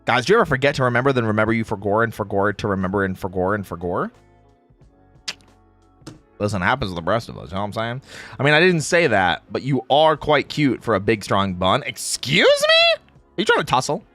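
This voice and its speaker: A man's voice: fairly low pitch, expressive, quick pace, fairly bright tone, soft background music. A young man hosting a livestream, joking and greeting his chat by name in a playful, casual way. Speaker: streamer host.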